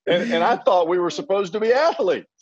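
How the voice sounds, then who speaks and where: A man, a former closing pitcher, telling a rambling story on a panel with many restarts and chuckles. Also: expressive, brisk, lo-fi sound.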